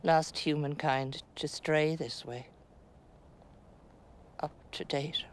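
An actress playing a stoic middle-aged woman, giving a slow, halting stage monologue with long pauses. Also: sits low, steady tone. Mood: musing.

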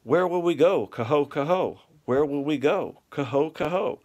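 Man voicing young cygnets, high-pitched, chanting sing-song questions, storybook read-aloud. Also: expressive, moderate pace, darkish tone. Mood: eager. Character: chorus of young swan cygnets, eager, curious.

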